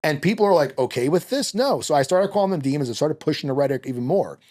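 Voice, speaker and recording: Fast, animated ranting man. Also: on the high side. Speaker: guest. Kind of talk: heated podcast interview.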